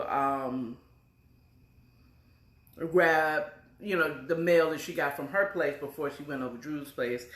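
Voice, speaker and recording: Chatty woman retelling a novel. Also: low-pitched. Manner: chatty, with fillers and self-corrections. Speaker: storyteller. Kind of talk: casual retelling of a romance novel. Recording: echoey room.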